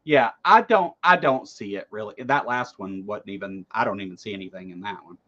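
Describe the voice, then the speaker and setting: A man's voice: lowish voice, a little fast, a bit bright, dull audio. A man hosting a livestream, giving blunt, casual political commentary and swearing freely. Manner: blunt, swears freely, reads chat aloud. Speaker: livestream host.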